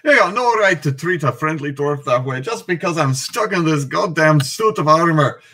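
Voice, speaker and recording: A man's voice: animated, normal speed, pushed and bright. A man voicing a blustering male dwarf cursed to stay in his armor, ranting in a raised voice. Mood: indignant. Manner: high-pitched blustering rant.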